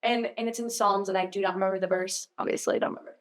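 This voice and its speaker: A young woman guest on a podcast, chatting casually about her faith, full of "like" and quick laughs. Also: mid-range voice, fairly even intonation. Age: young adult. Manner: chatty, lots of "like", laughs easily. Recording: echoey room.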